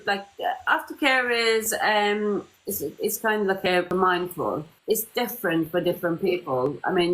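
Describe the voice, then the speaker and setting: A middle-aged woman chats through a live-stream Q&A with a somewhat low voice. She talks in a lively, informal way, often acting out what others said. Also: rough recording. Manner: chatty, lively storytelling with quoted voices. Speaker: CEO of a medical tourism company, host.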